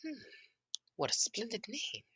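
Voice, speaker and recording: A man voicing a tall, polite monster servant who is devoted to his master, in a high, breathy falsetto. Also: very animated, unhurried, sharp tone, dry recording, clean studio sound, heavily acted. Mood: eager, devoted.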